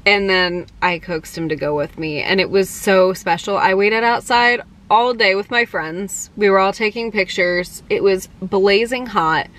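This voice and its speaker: A woman's voice: medium pitch, unhurried, hardly any pauses. Chatty young woman telling stories. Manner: excited, chatty, many "like" and "um" fillers. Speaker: vlogger. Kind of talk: casual storytelling to camera.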